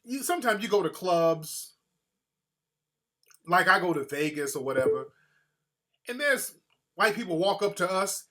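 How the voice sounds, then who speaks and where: A man hosting a show, giving casual, profane opinion commentary in an animated way and often slipping into mocking impressions. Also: sits high, a little slow, pauses often. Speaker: host.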